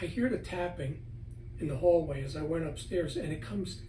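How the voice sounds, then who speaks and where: A middle-aged man with a notably high voice chats at home as an interview guest. He tells his stories with animation and acts out his own words. He sits a little back from the mic in an echoey room with faint ambience behind him. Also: moderate pace, warm tone, slight background noise. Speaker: guest author on spirits. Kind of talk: casual interview chat. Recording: roomy, from a distance, faint ambience.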